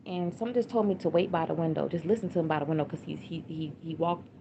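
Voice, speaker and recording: A gravelly, low-voiced woman in her forties speaks bluntly and emotionally, circling back and repeating herself as she tells her own story. The stream audio is dull and lo-fi, with steady noise under her voice. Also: quick pace. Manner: repetitive, blunt and emotional, with slang and restarts. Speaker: grieving mother telling her story. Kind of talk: livestream personal account. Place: home livestream.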